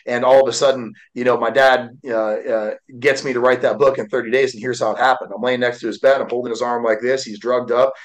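A man's voice: medium pitch, little pitch movement, fast, hardly any pauses, poor audio. Candid man in his forties, heartfelt. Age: 40s. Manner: candid and heartfelt, with frequent fillers. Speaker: guest, motivational speaker and author. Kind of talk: emotional personal storytelling.

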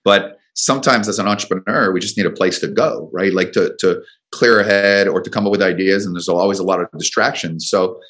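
A man's voice: low voice, steady tone, brisk, hardly any pauses, fairly bright tone. A man, a business coach and guest, telling a long personal story in an interview with frequent restarts and repeated words. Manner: rambling anecdotes with frequent restarts.

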